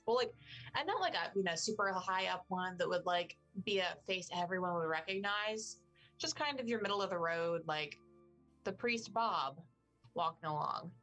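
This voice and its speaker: A woman's voice: fairly low pitch, expressive, normal speed, fairly bright tone, faint music behind, low-quality recording. A woman player describing her moves, chatty with many fillers. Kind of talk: casual tabletop play.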